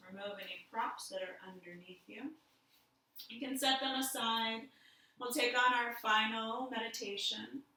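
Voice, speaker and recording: A woman yoga teacher giving slow, gentle cues for poses and a guided meditation. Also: a little high, steady tone. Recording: very echoey room, distant mic.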